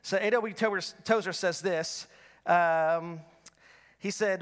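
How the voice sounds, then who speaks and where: A man's voice: high-pitched, slow pace, fairly bright tone. A man preaching a sermon as pastor, talking in a conversational, storytelling way with frequent restarts.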